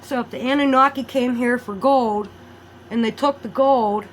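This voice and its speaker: A woman's voice: moderate pace, low-quality recording. Rambling woman with faint background hiss. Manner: rambling, animated, swings between loud outbursts and low mutters. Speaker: vlogger. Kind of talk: rambling conspiracy monologue.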